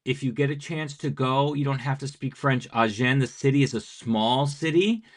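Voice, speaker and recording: A man's voice: medium pitch, moderate pace. American man telling travel anecdotes. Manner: lively anecdotal, acts out quoted dialogue. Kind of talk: conversational storytelling.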